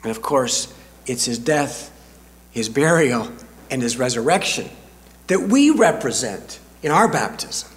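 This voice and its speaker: An older male pastor delivers a sermon at an unhurried, deliberate pace. His pitch rises and falls with lively expression, and he leans on long dramatic pauses. The voice rings out through a reverberant church hall.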